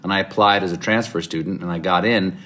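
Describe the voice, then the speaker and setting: A man from the American South, answering interview questions with animated, rambling stories full of restarts. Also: low-pitched, fast. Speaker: interview guest.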